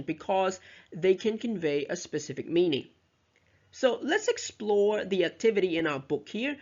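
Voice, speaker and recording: A teacher giving a lecture on pronunciation, explaining step by step and modeling example sentences aloud. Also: medium pitch. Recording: dull, lo-fi recording.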